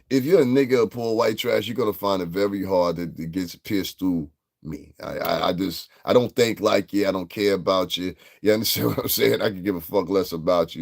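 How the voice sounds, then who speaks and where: A man's voice: low voice, gravelly, darkish tone. A man, hosting a livestream and delivering a heated, profane, combative rant at his chat. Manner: brash, profane and combative, with laughs. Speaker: livestream host.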